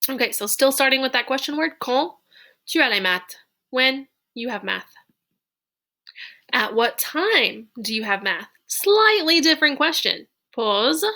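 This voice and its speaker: A woman teaching a recorded French lesson. She reads French phrases slowly for dictation, then explains them in chatty, playful English. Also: high-pitched, lively intonation, bright, forceful tone.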